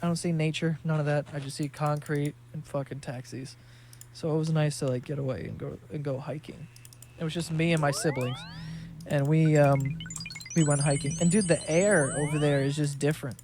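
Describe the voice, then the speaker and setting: With music playing in the background, a young gaming streamer from New York City chats casually as he plays. He tells animated stories peppered with swearing and laughter, in a fairly high voice at normal speed.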